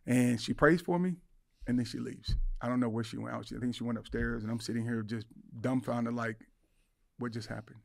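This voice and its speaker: A man's voice: medium pitch, steady tone, a little fast, creaky, a little mellow, dry recording, studio quality. A middle-aged man, a podcast guest, telling an emotional personal story with intensity, acting out the voices in his head. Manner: intense, acts out inner voices and quotes.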